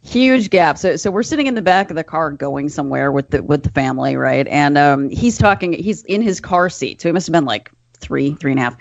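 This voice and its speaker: A woman's voice: low voice, fairly quick, creaky, few pauses, dry recording, highs cut off. A woman, a forensic psychologist and podcast co-host, telling stories in casual chat and laughing easily. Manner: chatty storyteller, laughs easily.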